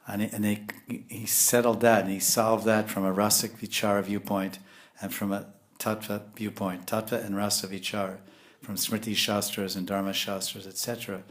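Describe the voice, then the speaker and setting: A man preaching a spiritual sermon in a lively, animated way, chuckling now and then as he explains. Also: lowish voice, moderate pace. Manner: animated, lapses into scolding voices when quoting; frequent chuckles and restarts. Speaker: spiritual teacher.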